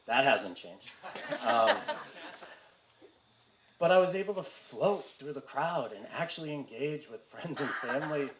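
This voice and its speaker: A man's voice: mid-range voice, expressive, a crowd in the background. Man sharing his recovery story in a roomy hall. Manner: halting, candid, with fillers and self-deprecating humor. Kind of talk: personal testimony to a live audience. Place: community event hall with audience. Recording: roomy hall with faint room noise.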